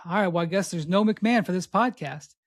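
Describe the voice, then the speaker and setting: A man hosting a podcast remotely from abroad, telling a story in a casual, animated way and acting out what others said. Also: high-pitched, moderate pace. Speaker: podcast host.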